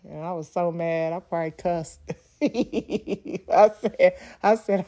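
A middle-aged woman minister gives an earnest personal testimony in a fairly low, dark-toned voice at normal speed. She laughs often and repeats words whenever she stresses a point.

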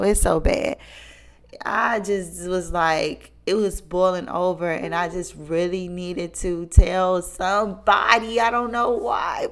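Chatty woman telling a story. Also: low-pitched. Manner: animated, acts out friends' lines in quotes. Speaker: podcast host. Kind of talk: casual storytelling.

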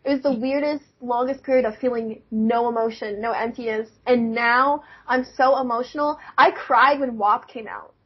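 A woman's voice: a little high, steady tone, normal speed, hardly any pauses, husky. A young woman chatting casually, laughing often and filling her talk with "like". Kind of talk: casual chat. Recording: dull lo-fi recording.

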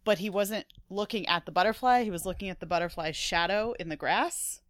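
A woman's voice: mid-range voice, fairly quick, no room sound. A woman guest on a podcast, telling a story in a giggly, self-deprecating way. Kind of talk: casual podcast chat.

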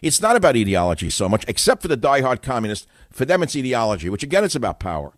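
A man's voice: mid-range voice, big pitch swings, fast talker, no room sound, studio quality. An older man hosting a call-in radio talk show, opinionated, emphatic and self-assured, combative in his monologues.

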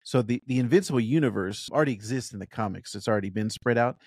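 A man's voice: medium pitch, fast, darkish tone, slightly rough, dry recording. Man, podcast co-host, casual eager chat, dry close sound. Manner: enthusiastic, thinks aloud with restarts. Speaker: podcast co-host reviewing a show.

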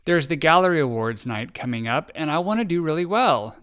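A man voicing an anxious young schoolgirl who pleads and rushes her words in a storybook reading. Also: fairly high pitch, animated, fairly bright tone, clear, resonant tone, pitched above the performer's own voice. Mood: pleading.

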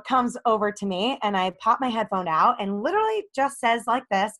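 A young adult woman, a relationship coach, candidly telling a personal story in a podcast interview and acting out the dialogue in it. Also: a little fast. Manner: animated, acts out quoted dialogue with rising pitch.

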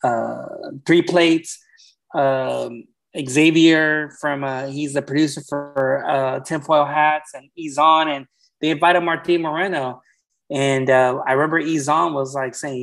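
A man's voice: a little high, unhurried, gravelly, a bit bright. A man from California, a podcast guest, telling candid, rambling stories with profanity in casual chat.

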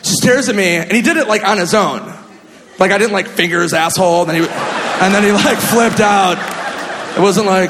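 A male stand-up comedian from Minnesota, telling a story in an animated, exaggerated way with sudden shouts. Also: high voice, moderate pace, a crowd in the background. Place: comedy club stage. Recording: echoey club, audience laughter and noise.

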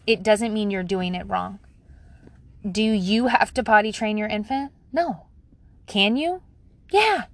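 Bright-voiced woman, candid podcast chat. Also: a little high. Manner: candid, self-deprecating, swears casually. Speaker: podcast host. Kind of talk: casual solo podcast monologue.

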